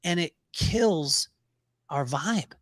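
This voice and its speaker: A middle-aged man with a high voice tells a story as a podcast guest. He is animated, laughs often and acts out the people he quotes. The sound is close and dry, with no room in it. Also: drawn-out words, no room sound. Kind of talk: storytelling in a casual interview.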